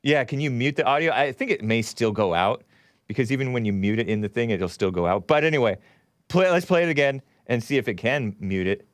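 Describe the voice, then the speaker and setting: Male talk host, mid pitch, smooth resonant tone, dry close sound, rambling and sarcastic. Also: animated, brisk, dry recording. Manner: rambling, sarcastic, scornful asides. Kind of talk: casual political commentary.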